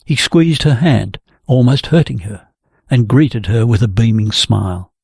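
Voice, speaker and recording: A man reading a novel aloud as narrator, in a measured, even storytelling manner. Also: mid-range voice, vocal fry, husky, no echo, studio quality. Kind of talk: audiobook reading.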